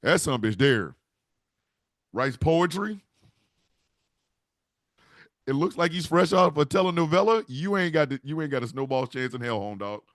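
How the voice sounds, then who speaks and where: A man delivering a rambling, profane comedy rant with animated storytelling. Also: a little high, normal speed, long pauses, dry recording, studio quality.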